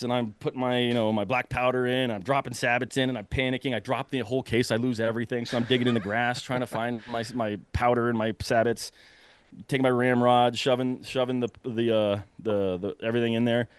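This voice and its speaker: Excited man telling a story. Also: medium pitch, brisk, clear, resonant tone, dry recording. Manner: animated, breathless storytelling with fillers and laughs. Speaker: podcast guest telling a hunting story. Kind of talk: casual storytelling.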